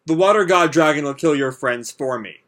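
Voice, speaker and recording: A man's voice: a little high, moderate pace, fairly bright tone, natural voice. A man voicing a taunting dragon villain. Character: cold, taunting male fire dragon villain.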